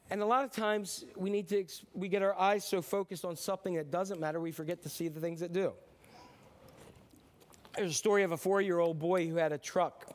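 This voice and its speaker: A middle-aged man preaching a sermon, talking in a relaxed, conversational way. His voice sits high for a man. He stumbles and restarts sentences now and then, and he acts out short bits of the people in his stories. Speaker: pastor.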